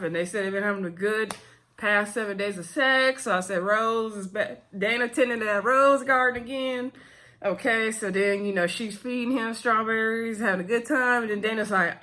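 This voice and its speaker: A woman casually recapping a TV episode for her viewers, chatty and addressing them as "y'all", slipping into quick voices when she quotes characters. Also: mid-range voice, bright, forceful tone. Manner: talks straight to viewers as "y'all". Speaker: TV episode reviewer.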